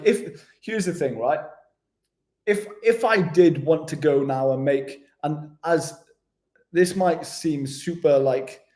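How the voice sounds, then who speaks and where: A man's voice: mid-range voice, warm tone. A young Welsh man with a Welsh accent, chatting casually with viewers on a travel vlog livestream, laid-back and slangy, often laughing. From Wales. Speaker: travel vlogger. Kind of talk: casual livestream chat reading comments.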